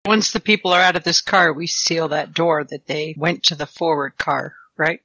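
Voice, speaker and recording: A woman's voice: low voice, normal speed, sharp tone, no echo. A woman playing a tabletop role-playing game, talking in a matter-of-fact way. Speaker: player. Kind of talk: casual tabletop game play.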